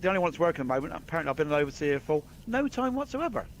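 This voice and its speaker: A man in casual chat during a shared game session, thinking aloud and sounding puzzled. His voice sits a little high. Faint hiss lies behind it. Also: sing-song, racing. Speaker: co-player.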